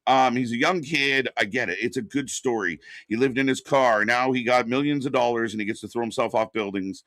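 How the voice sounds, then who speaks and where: A man's voice: medium pitch, brisk, a bit bright, no echo. Blunt ranting man, dry close mic. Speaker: wrestling commentary host. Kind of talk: casual podcast chat.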